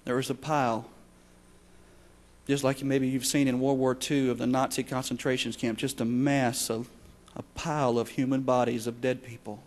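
A man preaching a sermon, swinging between shouted passages and hushed, quiet ones. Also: mid-range voice, level tone, normal speed. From Texas.

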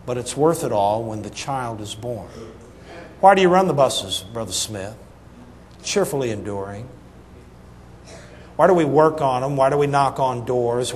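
A middle-aged man preaching a sermon, telling a humorous story in an animated, folksy way that swings between loud punchlines and soft asides. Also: medium pitch. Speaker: pastor. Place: church sanctuary. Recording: reverberant church hall, faint ambience.

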